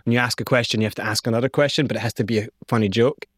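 Man telling a lively story. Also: mid-range voice, very fast, no room sound, studio quality. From Scotland. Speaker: interview guest. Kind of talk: storytelling in a conversational interview.

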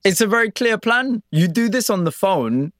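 Male interviewer, slightly higher voice, probing questions, dry sound. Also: animated, moderate pace, fairly bright tone, dry recording. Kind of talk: conversational interview.

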